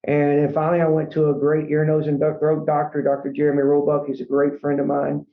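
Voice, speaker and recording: Man, podcast guest, earnest rambling storyteller, fairly high voice, roomy echo, dull lo-fi sound. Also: completely flat delivery, quick pace. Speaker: franchise company CEO, podcast guest. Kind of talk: casual storytelling interview. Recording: echoey room, dull lo-fi sound.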